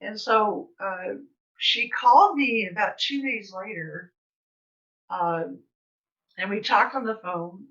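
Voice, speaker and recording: An older woman speaks as a guest, her voice bright and crisp-edged. She talks in a chatty, rambling manner, with lots of fillers. The recording is a little distant and dull, as if she sits back from the mic. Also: medium pitch, takes it slowly, long pauses. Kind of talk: casual storytelling. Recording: slightly distant, dull sound.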